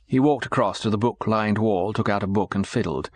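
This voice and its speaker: A man giving a measured, scripted audiobook narration. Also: fairly low pitch, dry recording.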